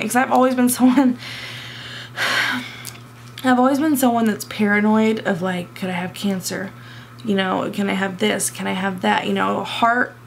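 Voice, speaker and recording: A young woman vlogger telling a personal story in an emotional, halting way, close to tears and full of fillers. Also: mid-range voice, gravelly, a little hiss or hum.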